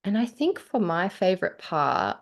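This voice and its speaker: A woman's voice: on the low side, normal speed. An Australian woman, a podcast co-host and author, chatting casually and reading her own story aloud with feeling, often laughing. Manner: animated, laughs often, gets choked up.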